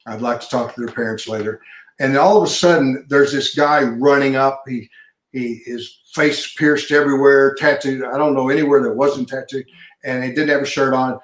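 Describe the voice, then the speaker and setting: A man's voice: medium pitch, steady tone, moderate pace. An older man, a pastor and retired police sergeant, telling stories in an interview and acting out the dialogue. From Texas. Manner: folksy storyteller, acts out dialogue. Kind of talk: storytelling in an interview. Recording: roomy echo.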